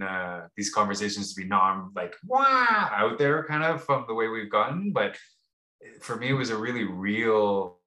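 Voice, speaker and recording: A man's voice: lowish voice, sharp tone. A man co-hosting a podcast, telling a rambling, casual story with many restarts and fillers. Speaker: podcast co-host. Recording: roomy echo.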